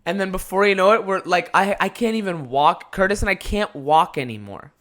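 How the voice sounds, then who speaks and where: A man's voice: high voice, fairly quick, a bit bright. A young man hosting his own podcast, telling a rambling story in a casual, profane way and laughing often. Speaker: podcast host.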